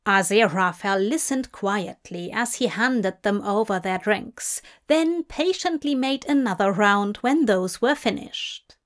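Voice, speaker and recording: A woman reading a story aloud in an unhurried, even narration. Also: medium pitch. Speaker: fanfiction reader. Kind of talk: audiobook narration.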